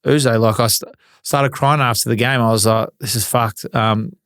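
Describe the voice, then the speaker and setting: Aussie ex-footballer guest, 40s, casual and crude, smooth resonant tone, dry close mic. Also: male voice, mid-range voice, steady tone, moderate pace, fairly bright tone, no room sound. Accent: Australian. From Australia. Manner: laid-back, swears freely, acts out old arguments. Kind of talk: casual storytelling interview.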